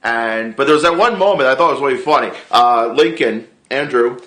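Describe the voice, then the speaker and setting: A middle-pitched man chats casually to camera, rambling and restarting his sentences and swearing freely. His voice is bright and forceful. The recording carries the echo of a bare room. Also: moderate pace. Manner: rambling, excitable, swears a lot, frequent restarts. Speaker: vlogger and improv actor.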